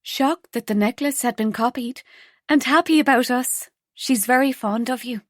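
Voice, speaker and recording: A woman voices Rose, an eager young woman in love, in a chatty mood. Her voice is a little high and pushed up yet close to everyday speech, at a moderate pace, recorded in studio quality with no room sound.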